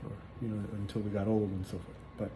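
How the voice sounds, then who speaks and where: A man sharing a personal religious testimony in casual spoken storytelling, earnest and halting, with many fillers and repeated words. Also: lowish voice, level tone, mellow. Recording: echoey room with faint background noise.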